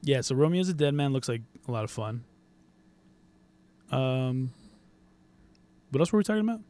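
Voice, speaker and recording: A man co-hosting a casual gaming podcast, joking and laughing often in quick banter. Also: mid-range voice, lively intonation, a little mellow. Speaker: podcast co-host.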